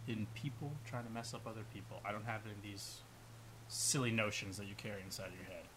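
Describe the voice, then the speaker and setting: A man's voice: on the low side, steady tone, fast talker, a bit bright, slight background noise, rough recording. A young man playing a tabletop game, talking in a blunt, sardonic way. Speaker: player. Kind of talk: casual tabletop game chat.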